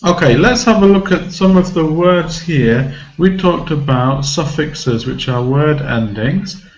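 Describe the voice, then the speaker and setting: A man teaching English pronunciation to a class, explaining slowly and patiently, repeating example words and asking the learners questions. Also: fairly high pitch, muffled recording.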